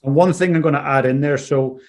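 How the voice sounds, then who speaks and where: An enthusiastic man speaking as the drumming co-host in a conversational lesson. His voice sits at an ordinary middle pitch for a man, and he keeps affirming what his partner says. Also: a little fast, darkish tone.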